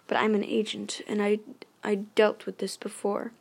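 Gravelly-voiced woman reading a ghost story. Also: mid-range voice, completely flat delivery, normal speed. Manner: reading with frequent restarts and self-corrections. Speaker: narrator. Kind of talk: first-person novel read aloud.

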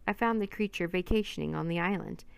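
A woman's voice: fairly low pitch, quick pace, creaky, clear, resonant tone, no echo. Woman doing a polite, nervous young scientist. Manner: polite, eager to please.

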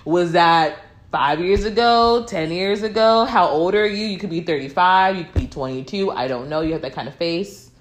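A woman in casual chat about a film, animated and quick to push back and tease. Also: fairly low pitch. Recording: echoey room.

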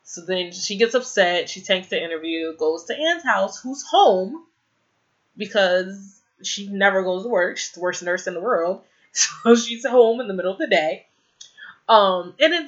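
A woman's voice: medium pitch, animated, moderate pace. Young woman rambling through a TV recap. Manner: rambling, heavy use of "like" fillers; opinionated, exasperated asides. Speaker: TV episode recapper. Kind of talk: casual spoken episode recap. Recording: slightly dull lo-fi audio.

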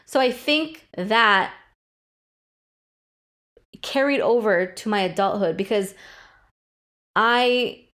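A woman's voice: medium pitch, a bit bright. Candid, profane woman podcaster in her thirties. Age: 30s. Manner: candid, profane, emotionally open. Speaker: podcast host. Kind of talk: solo podcast monologue.

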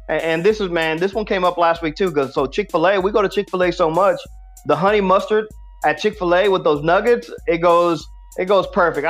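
A man with a high, fairly bright voice co-hosts a podcast, chatting casually and rambling with plenty of filler words.

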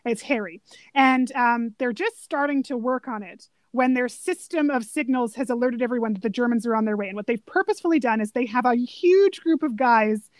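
A woman chatting casually about a favorite movie, animated and laughing often as she quotes lines. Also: on the high side, brisk, no room sound.

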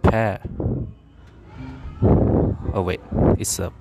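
Male drill reader: very deep voice, unhurried, careful word-by-word delivery with small self-corrections, over background music. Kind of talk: reading an English pronunciation drill aloud.

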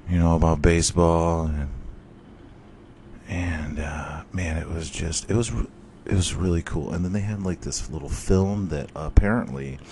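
A man with a low voice tells a story in a loose, casual way, cursing often and rushing ahead when he gets excited. It sounds like a podcast host talking freely. A faint ambient noise sits behind his voice. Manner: profane, excitable, rambling.

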